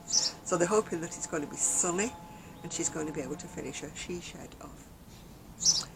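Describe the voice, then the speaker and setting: Recorded outdoors on a garden deck amid very noisy surroundings, a woman from England talks about her crochet at normal speed. Her low voice carries vocal fry, and she rambles through stories, laughing frequently.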